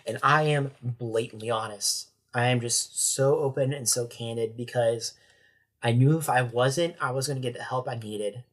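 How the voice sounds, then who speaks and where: Halting, candid male deputy. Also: mid-range voice, a bit bright. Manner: halting, restarts sentences, candid and emotional. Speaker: sheriff's corporal and podcast guest. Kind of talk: personal account in a podcast interview.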